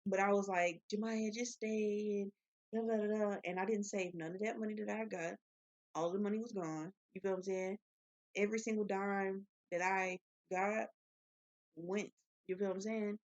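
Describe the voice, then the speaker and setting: A woman's voice: mid-range voice, moderate pace. Blunt, profane young woman venting. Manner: blunt, profane, animated storytelling. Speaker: vlogger. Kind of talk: casual rambling monologue. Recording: dull lo-fi sound.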